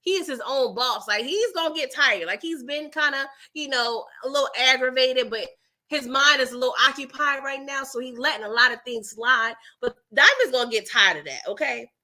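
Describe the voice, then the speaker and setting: A woman hosting a casual TV recap, chatty and animated, acting out characters in quotes and laughing often. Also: high voice, normal speed. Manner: chatty, addresses viewers as y'all. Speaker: TV recap host.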